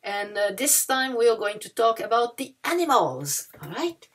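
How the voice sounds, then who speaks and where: A woman, teaching children vocabulary and pronouncing each word slowly and carefully. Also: a little high, very animated. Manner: slow, exaggerated word-by-word pronunciation. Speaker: French teacher.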